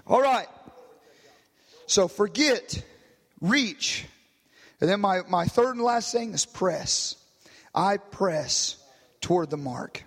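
Preacher guy with a really high voice, hallelujahs everywhere, long echo off a church hall. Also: lively intonation, slow pace, long pauses. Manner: punctuates lines with "hallelujah" and "glory to God"; swings from quiet, low passages to shouted climaxes. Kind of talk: sermon.

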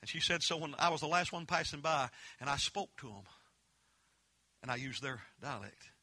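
A man preaching a fervent holiness sermon, mixing folksy storytelling with loud emphatic peaks. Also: a little high, lively intonation, moderate pace, no room sound.

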